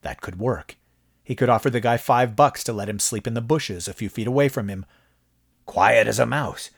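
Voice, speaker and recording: A man narrating a horror story from a script, with expressive, dramatic delivery. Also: mid-range voice, a little fast. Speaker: audiobook narrator.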